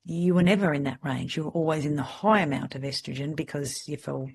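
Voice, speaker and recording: A middle-aged woman with an Australian accent, a podcast host telling candid, lively stories in casual chat. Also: low voice, a little fast, creaky, slightly rough. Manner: lively, candid anecdotal storyteller. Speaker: podcast host, salon mentor.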